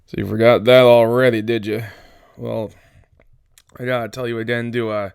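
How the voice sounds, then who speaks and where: Gruff irritable ranch hand played by a man, scolding, exasperated, gravelly, dry sound, audiobook. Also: medium pitch, flat delivery, moderate pace, a little mellow, no echo, natural voice. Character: small wiry irritable male ranch hand.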